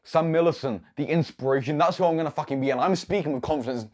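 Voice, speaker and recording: A man's voice: a little high, fast. A teenage young man self-filming a motivational vlog, profane and boastful, tagging nearly every phrase with "okay". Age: late teens. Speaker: YouTube creator. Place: own room with whiteboard, self-filmed.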